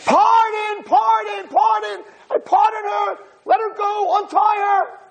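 A man voicing a desperate middle-aged governor who shouts in a strained, high-pitched voice. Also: little pitch movement, slow, creaky, a faint crowd, exaggerated voice. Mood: frantic.

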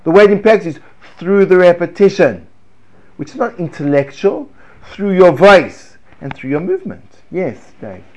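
A man leads a Torah class in a lively, animated way. His voice sits a little high for a man, and he drops from loud emphasis to near hushed tones. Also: normal speed, dull audio. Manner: animated, chants prayer words with swings from loud to hushed. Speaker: Torah teacher.

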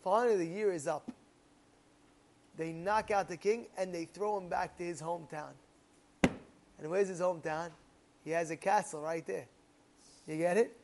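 A man casually telling a parable as a moral lesson, animated and rambling, with repeated fillers. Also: sits high, normal speed, pauses often, slight background noise. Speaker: storyteller giving a moral lesson.

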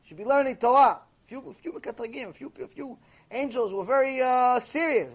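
A man teaching a Torah lecture in an animated, repetitive way, acting out voices as he speaks. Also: very high voice, brisk, husky. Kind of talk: recorded mussar lecture.

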